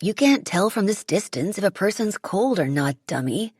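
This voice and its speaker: A woman's voice: medium pitch, big pitch swings, moderate pace, darkish tone, breathy edge, no room sound, clean studio sound. A woman voicing a sulky, scared twelve-year-old boy who mutters and grumbles tensely.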